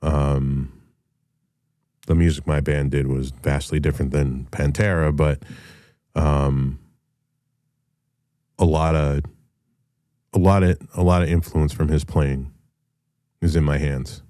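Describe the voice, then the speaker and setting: Middle-aged man, very deep and dark voice, dry sound, blunt and profane solo talk. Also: level tone, takes it slowly, pauses often, dry recording. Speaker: show host and rock musician. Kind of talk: casual solo monologue.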